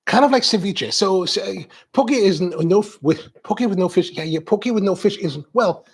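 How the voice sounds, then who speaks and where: Male host, a little high-pitched, with a rough, fry-heavy voice; casual, rambling chat full of restarts. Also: animated, moderate pace. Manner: rambling, tangential, many restarts. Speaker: coffee show host.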